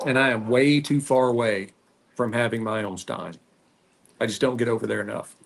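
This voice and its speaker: A man with a Texan country drawl talks through his cigar podcast in an unhurried, rambling way. His voice has a gravelly, fry-laden edge and sits in a middle pitch, and he drifts between topics with frequent filler pauses. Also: steady tone. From Texas. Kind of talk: casual solo chat while smoking.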